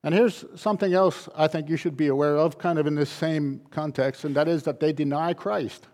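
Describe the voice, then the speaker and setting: Here a pastor preaches at normal speed, his fairly high voice slightly mellow and his intonation fairly even. Emphasis and repetition shape how he presses each point in the sermon.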